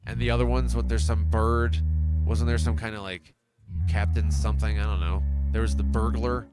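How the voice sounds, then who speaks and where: A man's voice: fairly low pitch, steady tone, moderate pace. A man hosting a livestream from his home studio, reading viewer comments and musing aloud in a casual, rambling way. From United States. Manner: musing, rambling, self-interrupting. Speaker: livestream host. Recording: loud synth music behind the voice.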